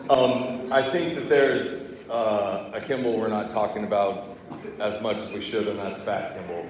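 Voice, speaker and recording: A man's voice: on the low side, fairly even intonation, measured pace. A man joking at a memorial gathering. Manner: joking, laughing. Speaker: memorial speaker. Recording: echoey hall from far off, noisy.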